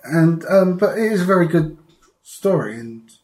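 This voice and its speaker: A man from the UK co-hosting a casual pop-culture podcast on a couch, talking in halting bursts full of ums and easy laughs. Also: on the high side, lively intonation, darkish tone. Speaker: podcast co-host. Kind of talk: casual chat. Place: living room couch.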